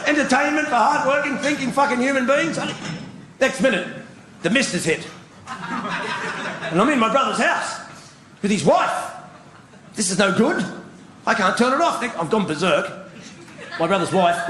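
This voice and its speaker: A man's voice: high-pitched, animated, moderate pace, long pauses. A man doing a profane, ranting stand-up comedy routine on stage before a live audience. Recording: echoey live venue with noise.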